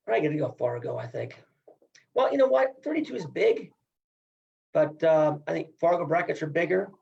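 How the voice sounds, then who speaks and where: A man's voice: fairly high pitch, animated, moderate pace, gravelly, lo-fi sound. A middle-aged man from Iowa, a wrestling coach, talking in a casual podcast interview in an emphatic, upbeat, folksy way.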